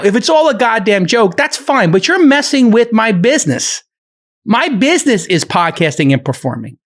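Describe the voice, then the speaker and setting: A man moderating a podcast, delivering a heated, profane rant in a heated argument. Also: sits high. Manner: ranting, profane, emphatic.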